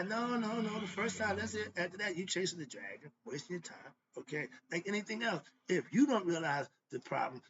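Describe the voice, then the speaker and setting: A man's voice: sits high, a bit bright, dull audio, slight background noise. A man hosting a philosophy monologue, talking in casual slang and ranting fiercely as he preaches. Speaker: host.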